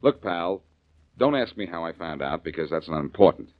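An actor playing a wisecracking tough private detective, sardonic and quick-witted, in 1940s radio acting on a muffled old recording. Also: male voice, low-pitched, lively intonation, no echo.

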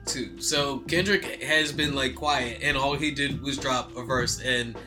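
A man's voice: mid-range voice, a little slow, over music. A man casually chatting about rap beef and boxing, loose and joking, with lots of fillers and swearing. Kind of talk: casual hip-hop commentary chat.

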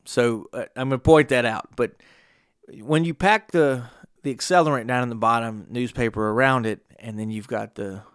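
A man's voice: mid-range voice, moderate pace, fairly bright tone, clear, resonant tone, dry recording, studio quality. A middle-aged man hosting a podcast, telling a rambling story in a casual monologue with frequent asides to the listener. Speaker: podcast host.

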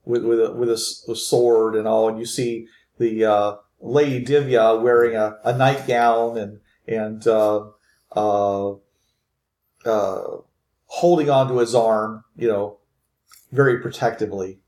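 A man running a tabletop game as game master, narrating haltingly with many restarts. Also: lowish voice, fairly even intonation, darkish tone. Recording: echoey room.

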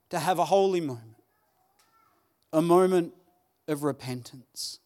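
A man preaching a Sunday sermon, earnest and pleading, with dramatic pauses. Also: on the high side, a little mellow. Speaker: pastor. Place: church hall.

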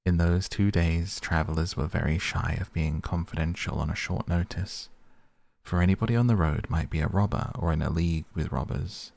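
A man narrating a classic novel as an audiobook in a measured, steady way. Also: low-pitched, creaky, dry recording. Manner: measured, even storytelling.

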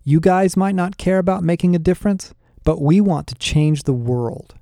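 A man doing a self-absorbed young bro who whines and boasts in loose slang, his voice pushed up higher than the reader's own. The tone stays mellow and the sound is close and dry, like a storybook read in a quiet booth. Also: moderate pace, no room sound. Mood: boastful.

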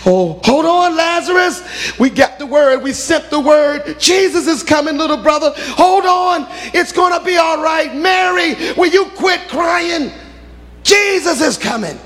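A preacher putting on a distraught woman who shouts frantic pleas at a sickbed. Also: high-pitched, big pitch swings, a little slow, gravelly, voice pushed up, full character voice. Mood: frantic pleading.

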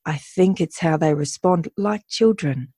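A woman's voice: low-pitched, measured pace, mellow, husky, no room sound, clean studio sound. A woman talking in a thoughtful, earnest way in casual conversation, sometimes acting out how animals react.

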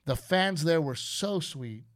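A man's voice: a little high, animated, slow. A middle-aged man hosting a casual chat, telling stories animatedly, acting out quotes and swearing freely. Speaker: host.

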